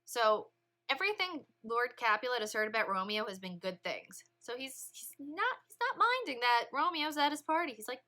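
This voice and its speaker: A woman teacher leading a read-along literature lesson, explaining in a lively, chatty way. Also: fairly high pitch, moderate pace. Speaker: English teacher.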